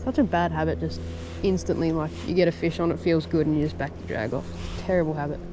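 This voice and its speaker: A young Australian man casually commenting as he fishes outdoors from the shore, laid-back with excitable bursts and slang. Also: a little high, quick pace, background noise. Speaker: fishing vlogger. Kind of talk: casual commentary while fishing.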